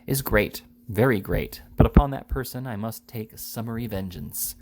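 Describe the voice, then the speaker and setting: A man reading the part of a plump aging gentleman who takes offence and answers defiantly. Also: fairly low pitch, normal speed, a little hiss or hum, lightly acted. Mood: offended. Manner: wounded, defiant.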